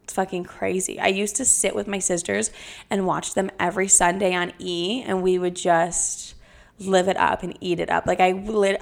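A young adult woman hosting her own podcast, chatting casually in a brash, heavily profane and animated way. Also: lowish voice, vocal fry. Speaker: podcast host. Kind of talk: casual solo podcast chat.

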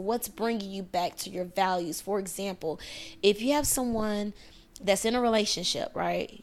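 Chatty woman podcast host, slightly high voice, lively astrology advice, lots of "right?" and "okay?". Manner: animated, acts out quoted voices, frequent "right?" and "okay?". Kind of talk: casual astrology advice talk.

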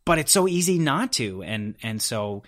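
A man's voice: medium pitch, sing-song, moderate pace, a bit bright. A man as an interview guest, talking in an earnest, reflective way and telling stories about himself with some self-deprecating humor. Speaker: podcast guest. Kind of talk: conversational interview.

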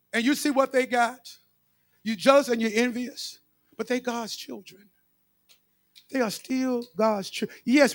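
A man's voice: very high voice, no echo, studio quality. A male pastor preaching a sermon with emphatic repetition, speaking straight to his congregation.

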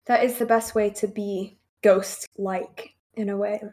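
A woman's voice: medium pitch, fairly even intonation, a little slow, crowd noise. A woman co-hosting a podcast, chiming in with jokes and pointed questions. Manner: wisecracking, swears casually, questioning. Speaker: podcast co-host. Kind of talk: casual chat.

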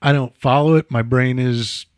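A podcast host leads a casual chat, rambling off on tangents and dropping lots of "you know" asides. His medium-pitched voice is clear, resonant and a little mellow, with fairly even intonation at a normal speed. The studio recording is clean and dry.

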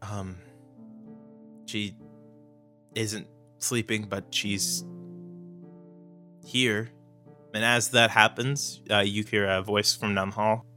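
A man's voice: on the low side, fairly even intonation, takes it slowly, long pauses, pushed and bright, faint music behind. A man narrating as game master in a casual, hedging way, full of fillers.

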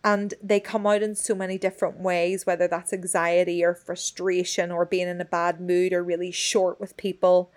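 A woman's voice: on the low side, moderate pace, few pauses. Candid woman, sweary storyteller. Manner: expressive, swears freely, animated storytelling. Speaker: podcast co-host. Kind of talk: candid casual chat.

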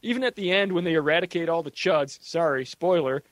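A man's voice: on the high side, fairly quick, no echo. A man co-hosting a casual movie commentary podcast, rambling and joking, swearing freely. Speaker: podcast co-host.

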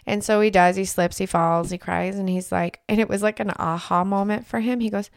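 A woman's voice: medium pitch, steady tone, a little fast, vocal fry, clean tone, no room sound, clean studio sound. A woman co-hosting a podcast, telling funny stories in casual chat and laughing often. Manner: chatty storyteller, laughs often. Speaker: podcast co-host.

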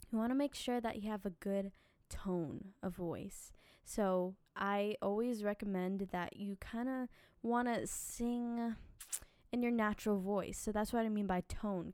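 A woman hosting a casual podcast, chatty and animated, giving singing advice with a slightly dry voice from little sleep. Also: medium pitch, clear, resonant tone, dry recording. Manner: animated, chatty, quick asides and filler words. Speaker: podcast host and singing teacher.

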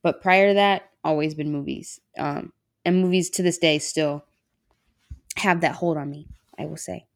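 A low-pitched woman talks as a guest on a podcast. She wings it, rambling and restarting her sentences in loose, easygoing chat. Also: steady tone, normal speed.

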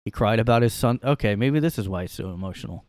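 A man's voice: on the low side, expressive, quick pace, a little mellow, no echo. Sarcastic rambling man in a dry room. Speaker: podcast host. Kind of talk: casual solo commentary. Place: his room.

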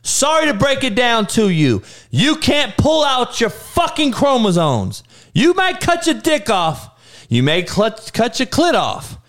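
Heated, swearing man with a lively voice. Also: measured pace. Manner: heated, swearing, stuttering restarts, swinging from low mutters to loud outbursts; slangy street talk. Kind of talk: casual profane rant to camera.

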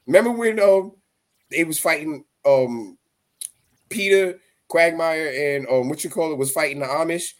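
A man's voice: fairly high pitch, moderate pace. A man co-hosting a casual wrestling podcast, crude and profane, joking and laughing easily. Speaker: podcast co-host.

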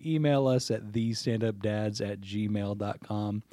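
A man's voice: fairly low pitch, measured pace, mellow, no echo. A man co-hosting a podcast in casual chat, swearing freely and laughing easily. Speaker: podcast co-host.

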